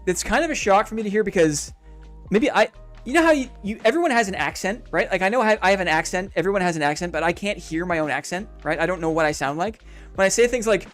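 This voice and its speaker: Upbeat high-voiced male game streamer. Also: fast talker, a bit bright, faint music behind. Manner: upbeat, reflective, chatty. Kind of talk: casual live-stream chat.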